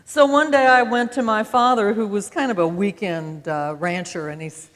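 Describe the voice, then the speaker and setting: An older woman in her seventies tells her life story with a folksy, easygoing humor. Her medium-pitched voice rings out with the long reverb of a big auditorium. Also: moderate pace, fairly bright tone. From American West, Utah. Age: 70s. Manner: folksy, conversational, with self-deprecating humor. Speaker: speaker. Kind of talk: personal storytelling talk. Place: stage in a large auditorium.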